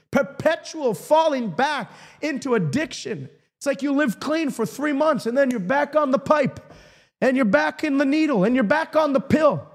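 Male preacher, broadcast sermon, fervent, lively pitch, builds to shouting. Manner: fervent, rising to shouted declarations.

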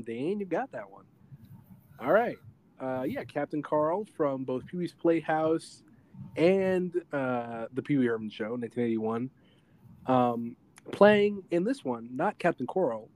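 A man co-hosting a podcast, casually retelling a film in animated fashion and slipping into quick voice impressions. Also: mid-range voice. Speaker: podcast co-host reviewing a film. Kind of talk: casual chat.

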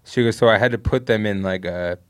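A man's voice: on the low side, brisk, clean tone, no room sound. A young man on a podcast, casually telling a long story to friends, rambling with lots of fillers and swearing. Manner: rambling, laid-back, heavy swearing and fillers. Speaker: podcast co-host.

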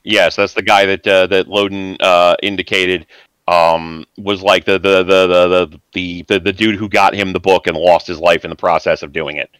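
A man runs a tabletop role-playing game in a loose, halting way, restarting his sentences often. His voice sits low and the sound is dry and close. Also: flat delivery, a bit bright, clear, resonant tone, dry recording, poor audio. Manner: casual, halting, many restarts. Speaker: game master.

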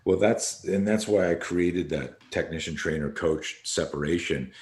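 A man's voice: low-pitched, measured pace, darkish tone. A man hosting a podcast, talking through ideas reflectively in casual chat. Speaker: podcast host.

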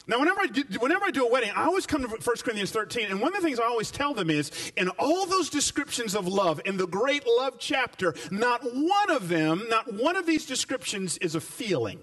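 A male pastor preaching a sermon, animated and full of repeated phrases, telling folksy, humorous stories to his congregation. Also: high-pitched, moderate pace. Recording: voice picked up from a distance.

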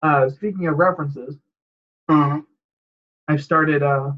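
A man's voice: on the high side, steady tone, slow pace, highs cut off. A man in casual chat, rambling and laughing often as he acts out quoted exchanges.

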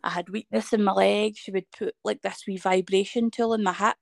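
A gravelly, mid-range voice belongs to a Scottish woman in her thirties who speaks fairly quickly as a guest. She tells a personal story in conversation with animation, acting out quoted dialogue from people around her. The clean studio sound carries no room sound.

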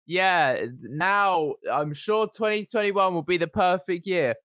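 A young man co-hosting a podcast, chatting sarcastically and now and then breaking into loud whoops. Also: sits high, slow, no room sound, clean studio sound. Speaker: podcast co-host. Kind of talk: casual comedic chat. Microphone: podcast mic.

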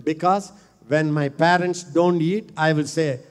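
A man preaching a sermon, fervent and repetitive, rising at times to shouts. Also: high-pitched, moderate pace. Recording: long hall reverb.

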